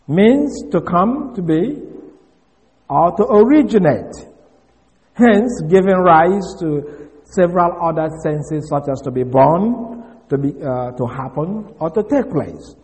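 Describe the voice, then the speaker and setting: A man's voice: sits high, lively intonation, takes it slowly, darkish tone. A man teaching on the Bible as a preacher, explaining Greek words and spelling them out letter by letter, recorded in a large hall. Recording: long hall reverb.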